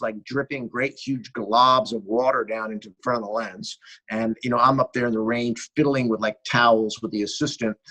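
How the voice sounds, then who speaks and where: A middle-aged American man, a guest cinematographer, tells animated behind-the-scenes stories in a casual interview and acts out bits of dialogue. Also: medium pitch, poor audio. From United States. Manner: animated anecdotal storyteller who acts out dialogue.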